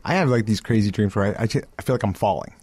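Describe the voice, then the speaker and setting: A young man co-hosting a casual chat, easygoing and quick to laugh. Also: lowish voice, darkish tone, breathy edge. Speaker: podcast co-host, loan officer.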